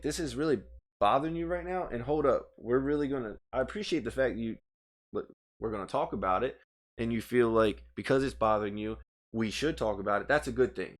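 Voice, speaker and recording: A man of middling pitch co-hosting a casual podcast, talking into a studio microphone. He tells a story as an animated, profane rant and gestures with his hands as he talks. He sounds heated and worked up throughout. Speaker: podcast co-host.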